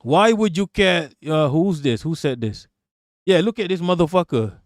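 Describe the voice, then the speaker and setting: A man hosts a live political stream, talking back to chat and swearing as he rants. His voice sits slightly high for a man. The recording is dry and close, with no room sound. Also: lively intonation, moderate pace, dry recording. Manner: profane, ranting, talks back to chat.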